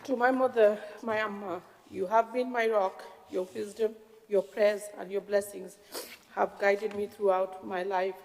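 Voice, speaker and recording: A woman with a Greater Manchester accent gives a formal acceptance speech in a council chamber. Her voice sits at a middling pitch, and she is moved, stopping often to restart her words. A long hall reverb trails behind her. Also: fairly even intonation, a little mellow. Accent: English, Greater Manchester. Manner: emotional, halting, with restarts. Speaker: incoming civic mayor.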